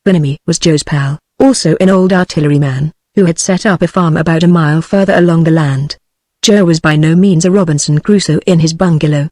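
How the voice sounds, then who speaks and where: A synthetic text-to-speech voice narrating an audiobook in an even, mechanical reading. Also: mid-range voice, brisk, dry recording.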